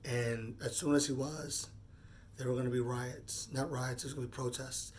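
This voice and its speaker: A vlogger in his forties speaks off the cuff in a personal monologue, earnest and halting, often repeating words while he gathers his thoughts. His mid-range voice is steady with a darkish tone, and there's a little hiss or hum.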